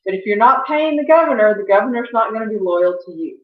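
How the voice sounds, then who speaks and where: A woman's voice: medium pitch, expressive, fast. A woman giving a history lecture as a teacher, conversational, with fillers and self-corrections. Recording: echoey, dull lo-fi room sound.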